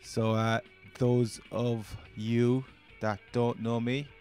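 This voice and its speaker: A man's voice: medium pitch, little pitch movement, takes it slowly, a little mellow, soft background music. A man with a Cork accent, chatting casually and rambling through his first gaming commentary as a channel host. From Ireland.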